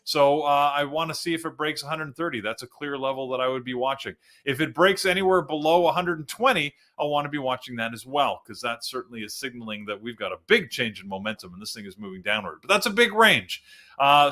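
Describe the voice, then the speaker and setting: Bright-voiced Canadian man hosting a trading show. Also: on the high side. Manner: casual, chatty, explains charts step by step. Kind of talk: live-stream market chat.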